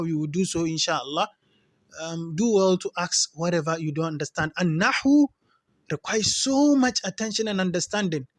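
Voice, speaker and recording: High-voiced man teaching grammar. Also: no echo, studio quality. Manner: reads Arabic text, then explains in English; patient, repeats points for learners. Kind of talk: recorded lesson.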